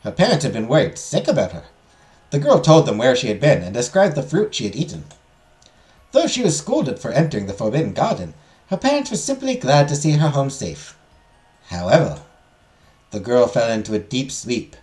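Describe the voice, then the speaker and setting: A man's voice: medium pitch, big pitch swings, normal speed, darkish tone, lightly acted. A man voicing a theatrical female magical history teacher, telling a legend with a swooping, dramatic lilt. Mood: storytelling. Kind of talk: reading visual novel lines aloud.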